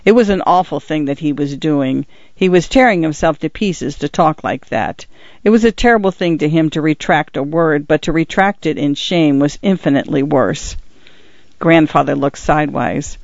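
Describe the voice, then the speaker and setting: A man narrates an audiobook in a measured, even way, his voice a little high for a man. The recording sounds dull and lo-fi and completely dry, with no room sound. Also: creaky, no room sound.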